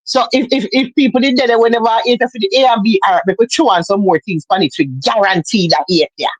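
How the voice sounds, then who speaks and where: A woman's voice: mid-range voice, fast talker, slight background noise, rough recording. A woman with a Jamaican accent chatting casually on a livestream, emphatic and repetitive, as if lecturing.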